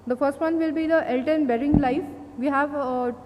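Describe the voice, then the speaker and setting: A woman with an Indian English accent giving a conference presentation, halting often with fillers and restarts. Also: high voice, steady tone, highs cut off. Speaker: company speaker at an industry event. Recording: long hall reverb, faint noise.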